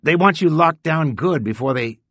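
A man doing a mousy, high-voiced cop. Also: expressive, normal speed, fairly bright tone, no echo. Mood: flat apologetic. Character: mousy thin male station cop, apologetic but firm.

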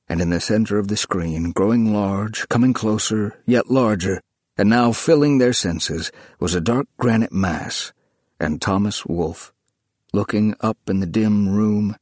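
A man reading a story in measured, descriptive scripted narration. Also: on the low side, darkish tone, dry recording.

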